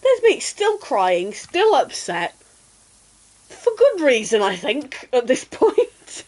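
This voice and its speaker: A woman streamer chatting casually and telling an animated childhood story while gaming. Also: high-pitched, takes it slowly, poor audio.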